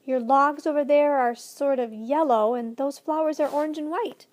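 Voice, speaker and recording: Shy, eager little girl, a woman reading, high bright voice, storybook. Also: steady tone, normal speed, lightly acted.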